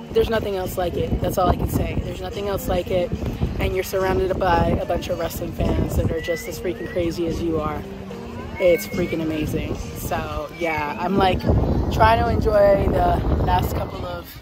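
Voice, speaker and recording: A woman vlogging to her phone outdoors on vacation, hoarse with her voice nearly gone, excitedly addressing her viewers as "you guys". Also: on the low side, normal speed, over loud music. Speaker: wrestling vlogger. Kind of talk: casual vlog to camera. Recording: loud outdoor background noise.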